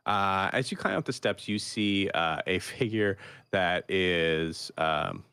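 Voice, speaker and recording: Game master, young man, very deep voice, dry close sound, halting scene narration. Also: lively intonation, sharp tone, clear, resonant tone, no room sound. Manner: halting, many fillers while describing scenes.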